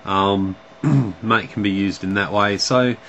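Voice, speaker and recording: A man's voice: on the low side, fairly even intonation, slow pace, fairly bright tone, highs cut off, a little hiss or hum. A man with an Australian accent chatting casually to camera in a vlog, hesitant and full of ums and restarts. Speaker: vlogger.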